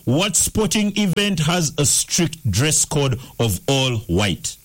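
Animated radio host, teasing. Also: male voice, on the high side, slow pace. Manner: lively, teasing, switches into Luganda. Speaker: radio breakfast show host. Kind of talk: morning radio quiz call-in. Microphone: studio microphone.

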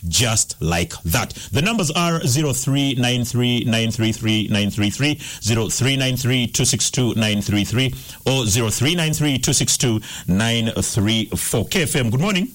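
A man hosting a breakfast radio quiz, taking calls and teasing the callers in a lively, playful way. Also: medium pitch, measured pace. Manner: lively, teasing, switches into Luganda. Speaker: radio breakfast show host. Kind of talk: morning radio quiz call-in. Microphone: studio microphone.

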